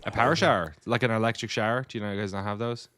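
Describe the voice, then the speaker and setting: A man's voice: lowish voice, racing, a bit bright, no echo, studio quality. An Irish man co-hosting a podcast, chatting casually and joking around. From Ireland. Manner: jokey, playful, drifts into silly accents. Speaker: podcast co-host. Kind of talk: casual chat. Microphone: different mic than usual, at home.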